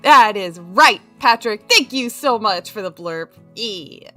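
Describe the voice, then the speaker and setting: Bubbly bright-voiced woman streamer. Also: mid-range voice, lively intonation, slow pace, soft background music. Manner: bubbly, giggly, greets chat warmly. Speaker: crochet streamer. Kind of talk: casual live-stream chat.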